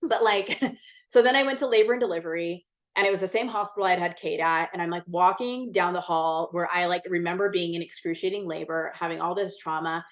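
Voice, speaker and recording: A podcast guest with a lowish voice talks a little fast while recounting a personal story in a laid-back interview. She's blunt and intense, curses freely, and her chatty speech is thick with "like."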